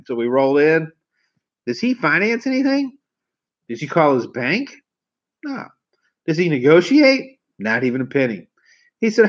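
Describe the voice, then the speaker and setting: Animated man telling sales stories. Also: on the high side, normal speed, pauses often. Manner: animated, slangy, acts out quoted voices. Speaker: car sales trainer. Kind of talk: casual storytelling. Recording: slightly dull lo-fi audio.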